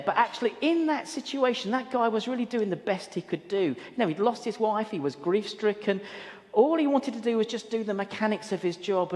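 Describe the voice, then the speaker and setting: A man preaching a sermon in a church hall, telling a story earnestly and often repeating words as he goes. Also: high voice. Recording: long hall reverb.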